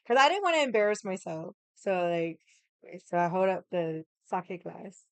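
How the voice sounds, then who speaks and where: A young woman chats on her livestream in a lively, animated way, laughing often and swearing now and then. Her voice is smooth and clear, and the sound is dry and close, with no room around it. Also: fairly low pitch, normal speed, no echo. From United States. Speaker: livestream host. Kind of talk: casual chat.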